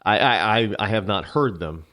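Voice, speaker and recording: A man hosting a talk show, giving a rambling political commentary monologue full of halting restarts. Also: lowish voice, bright, forceful tone.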